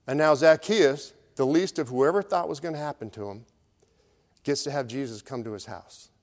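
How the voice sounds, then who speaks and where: A middle-aged pastor tells stories in a conversational sermon, voicing the crowd's lines himself. His medium-pitched voice is a little mellow and moves at a moderate pace, with long hall reverb in the recording.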